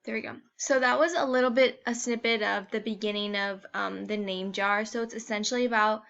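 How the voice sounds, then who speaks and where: A woman's voice: mid-range voice, fairly even intonation, brisk, gravelly, fairly bright tone. A young woman giving a casual class presentation, informal, with many fillers and restarts. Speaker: education student presenting. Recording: dull lo-fi home recording.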